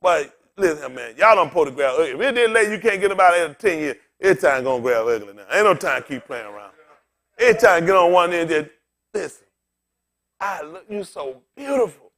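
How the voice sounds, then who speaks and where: His voice is on the high side and he talks quickly. The bald, older pastor delivers an animated, joke-filled sermon in a conversational style, speaking straight to the congregation.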